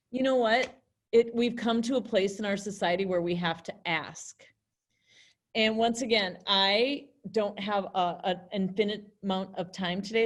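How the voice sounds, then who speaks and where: A young woman teaches a virtual class in a loose, chatty way. She keeps acting out short example lines in different tones to make her point. Her voice sits at an ordinary pitch for a woman. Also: fairly even intonation, normal speed.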